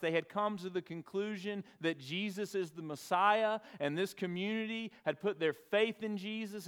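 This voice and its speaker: A pastor telling a personal story in his sermon, earnest and measured, with dramatic pauses. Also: high-pitched, fairly bright tone, clean tone. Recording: long reverb of a large hall.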